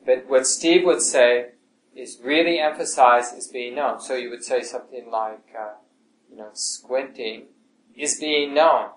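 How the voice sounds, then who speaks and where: Soft-spoken man teaching meditation, echoey room. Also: moderate pace, a little hiss or hum. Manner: calm, gentle, often dropping to a soft low voice. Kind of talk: relaxed meditation class talk. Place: class room with students. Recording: echoey room, faint ambience.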